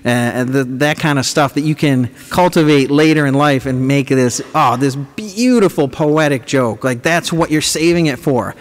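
A man giving a comedic, sarcastic lecture to students as a professor, animated and teasing the audience. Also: mid-range voice, normal speed, hardly any pauses. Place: large lecture auditorium. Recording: echoey hall recording, faint room noise.

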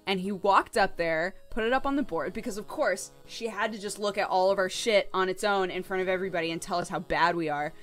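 A young adult woman streamer telling a story in a casual, animated way, swearing freely and laughing often. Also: mid-range voice, fairly quick, few pauses, soft background music.

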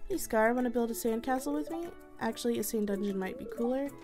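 A woman quickly reading aloud the lines of a playful young woman villager in a game, in her own voice. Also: on the high side, music in the background, lightly acted. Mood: inviting.

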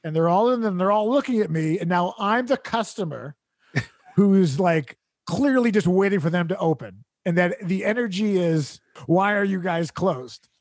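A man's voice: high-pitched, expressive, normal speed, darkish tone, no room sound, clean studio sound. A man hosting a comedy podcast, telling a rambling, exasperated story with laughs mixed into his sentences.

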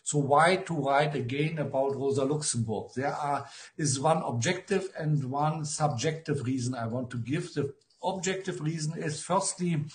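A man with a German accent giving an academic talk over a video call, friendly and filled with hesitations. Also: a little high. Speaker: guest speaker.

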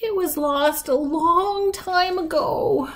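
A woman reading aloud, voicing a forgetful, vague old grandmother in a slow, wandering way. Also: extremely high pitch, fairly bright tone, pitched above the performer's own voice, exaggerated voice. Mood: sad.

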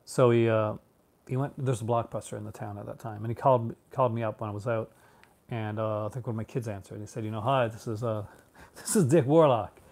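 A man's voice: fairly low pitch, little pitch movement, fast, gravelly, darkish tone. A Canadian man in his thirties chatting casually with viewers about films, rambling with many restarts, fillers and frequent laughs. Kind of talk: casual chat, answering viewers.

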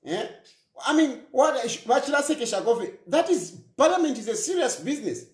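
A man's voice: extremely high pitch, big pitch swings, normal speed, echoey room. A Zambian man hosting a political talk show, giving emphatic commentary and repeating his points. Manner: emphatic, repeats phrases, mixes in local language.

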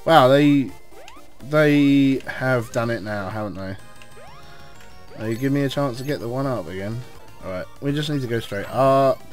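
An English man giving casual, rambling commentary while playing a video game, cursing at enemies and shouting when things go wrong. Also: medium pitch, unhurried, pauses often, soft background music. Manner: excitable, swears at enemies, rambling asides. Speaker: let's play host.

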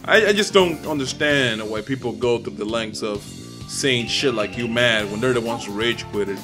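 A young man doing live gameplay commentary, profane and trash-talking, with animated reactions. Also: medium pitch, normal speed. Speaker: gaming commentator. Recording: loud game music behind. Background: game music.

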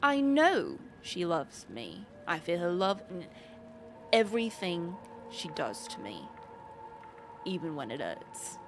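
A woman putting on the voice of an obsessive, lonely man in a lowered, hushed tone while reading a note from a game. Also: huge pitch swings, slow pace, over music, exaggerated voice. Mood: creepy devoted. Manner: hushed, lowered attempt at a man's accent.

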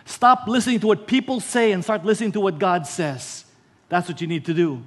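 A man's voice: high-pitched, a little fast, slightly rough. A man with a Filipino accent preaching a sermon as pastor, telling stories and repeating key lines.

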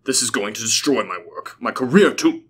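A man's voice: mid-range voice, expressive, moderate pace, slightly rough. A man voicing a frantic, self-serving male scientist who pleads in a raised voice. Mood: pleading.

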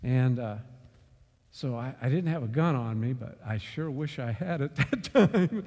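A man leading a church Bible study, telling a story and then driving home a lesson with sudden loud bursts of emphasis. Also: medium pitch, expressive, unhurried, long reverb tail. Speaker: Bible class teacher. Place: church meeting room.

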